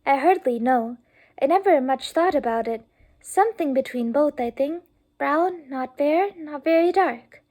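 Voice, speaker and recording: Naive young girl voiced by a woman, earnest, innocent, high-pitched, warm tone. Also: expressive, measured pace.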